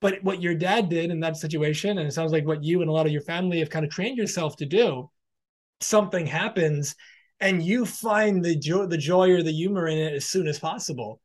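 A man with a slightly high voice speaks briskly as a podcast host, reflecting on a guest's story. His casual interview reflection is loose and conversational, heavy with filler.

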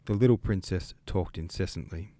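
A man with a low, deep voice reads a classic novel aloud, measured and expressive. His delivery is unhurried and clear. The recording is dry and close. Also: dry recording. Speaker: reader.

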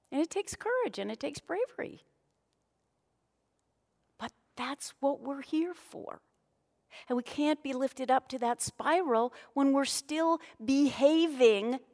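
Woman pastor preaching in a reverberant hall. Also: fairly high pitch. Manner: conversational, self-deprecating storytelling. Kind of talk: sermon. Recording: long reverb of a large hall.

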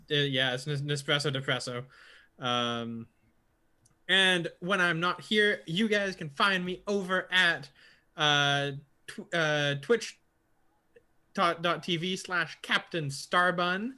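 A man with an intensely bright, sharp voice and slightly high pitch, introducing himself before a tabletop game. He rambles playfully, with plenty of filler words. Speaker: player. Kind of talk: casual chat and self-introduction.

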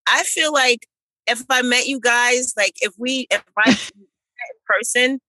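A woman guest on a video call, halting and grateful, searching for her words. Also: a little high, bright, forceful tone, dry recording, poor audio. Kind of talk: casual interview over video call. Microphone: video call audio.

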